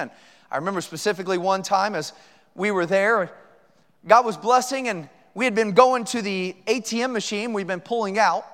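A middle-aged man preaching a sermon as a pastor, telling a story in an animated way and acting out the voices in it. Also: sits high. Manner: animated, acts out quoted voices. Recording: long hall reverb.

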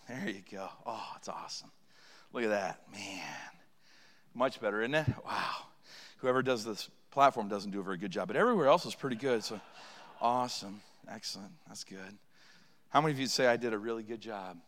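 A man's voice: lowish voice, expressive, brisk, fairly bright tone, long reverb tail. A man preaching a revival sermon in a church. He speaks with passion and acts out pleading prayers, his voice climbing as they build. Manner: impassioned, acts out pleading prayers with rising volume. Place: church sanctuary.

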